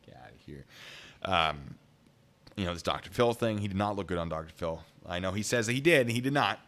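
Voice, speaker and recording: A man telling a story on a live stream, excitable and rambling. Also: low-pitched, fairly quick.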